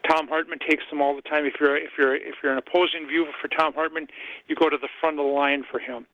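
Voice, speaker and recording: A man calling in to a radio show, talking haltingly and restarting his sentences over and over. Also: fairly high pitch, little pitch movement, dry recording, dull audio. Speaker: caller. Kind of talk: call-in talk.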